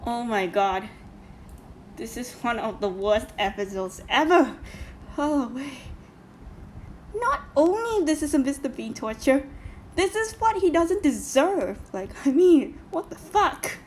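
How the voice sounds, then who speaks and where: A woman with a high voice hosts a reaction video, speaking slowly but animatedly as she comments on a cartoon. She is casual and indignant, swears a lot, and fills her speech with "like" and "you know." A slight hiss or hum sits in the background.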